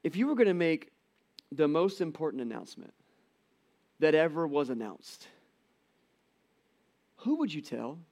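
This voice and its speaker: Conversational pastor with a high-ish voice. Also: male voice, measured pace, long pauses. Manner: conversational, animated, jokey asides. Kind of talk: sermon.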